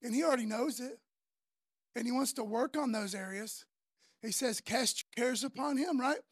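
A man's voice: very high-pitched, moderate pace, no room sound, studio quality. A man preaching a sermon in a casual, earnest way, using slang fillers as he talks. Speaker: pastor.

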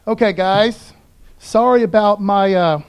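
High-voiced casual preaching man. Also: unhurried, clear, resonant tone. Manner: casual, conversational preaching with frequent "okay, guys"; reads scripture and stumbles on names. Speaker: pastor. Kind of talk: streamed Sunday sermon.

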